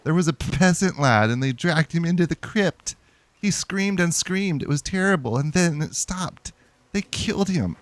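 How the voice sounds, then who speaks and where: A man's voice: on the high side, lively intonation, normal speed, no echo, voice pushed up, natural voice. A man voicing a frightened young male priest in a video game, stammering and pleading between sobs. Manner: sobbing, stammering pleas.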